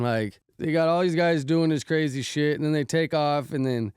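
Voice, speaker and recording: A man's voice: on the high side, normal speed, hardly any pauses, darkish tone, clear, resonant tone, no echo, studio quality. Slangy, profane man telling a story. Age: adult, married with kids. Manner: slangy, profane, repeats "bro" often. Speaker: podcast host recounting an incident. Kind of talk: casual storytelling.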